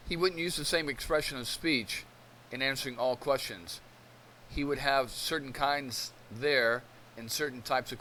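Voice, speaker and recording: A man's voice: mid-range voice, bright, forceful tone, a little hiss or hum. A man hosting a channel, reading definitions and transcripts aloud and thinking them through, with frequent restarts. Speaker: channel host. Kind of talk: casual commentary, reading aloud.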